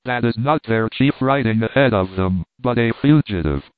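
A man's voice: mid-range voice, animated, normal speed, no echo, natural voice. Man reading storybook part of a keen Scottish hunter, eager, tinny phone-like dry sound.

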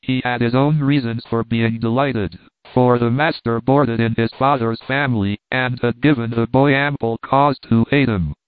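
A man narrating a classic novel as an audiobook reader, reading in a measured way and speaking punctuation marks aloud. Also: mid-range voice, fairly even intonation, clear, resonant tone, dry recording. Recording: tinny phone-like sound.

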